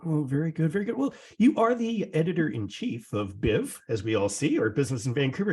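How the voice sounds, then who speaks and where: A man's voice: on the high side, big pitch swings, brisk, warm tone. A man hosting a business podcast from Canada, upbeat and a little breathless, often tripping over his words as he chats. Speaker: podcast host. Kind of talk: casual interview chat.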